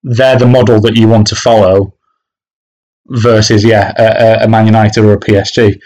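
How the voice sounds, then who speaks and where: A man's voice: lowish voice, flat delivery, normal speed, a little mellow, poor audio. A man co-hosting a casual football podcast, talking with frequent restarts and fillers. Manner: hesitant, many restarts and fillers. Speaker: podcast co-host, football fan.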